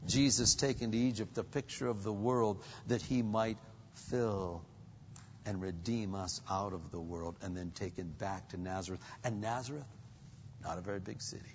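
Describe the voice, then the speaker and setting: A man pastor preaching a sermon, acting out quoted voices with sudden pitch jumps. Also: moderate pace, long reverb tail, lo-fi sound, a little hiss or hum.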